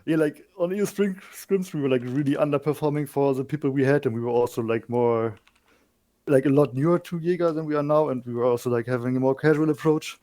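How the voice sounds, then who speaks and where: A man on a competitive team answering interview questions in a relaxed, easygoing way with light laughs. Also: medium pitch, fast. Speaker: team player being interviewed. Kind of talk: casual esports interview.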